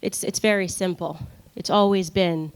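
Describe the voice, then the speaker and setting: Animated woman telling her story on stage. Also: lowish voice, clean tone. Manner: animated storytelling with quick laughs and acted-out quotes. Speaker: conference speaker. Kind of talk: personal testimony speech to a live audience.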